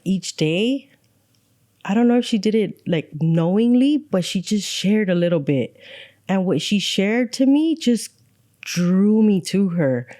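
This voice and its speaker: Frank woman in her forties, dark tone. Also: mid-range voice, no echo, clean studio sound. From El Monte, California. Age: 40s. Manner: frank, wry storytelling. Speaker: guest. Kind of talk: candid personal story.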